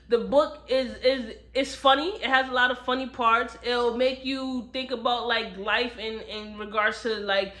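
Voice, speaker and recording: Bright-voiced woman chatting about a book. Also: fairly high pitch. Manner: chatty, animated retelling with slang. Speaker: book reviewer. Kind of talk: casual book review chat.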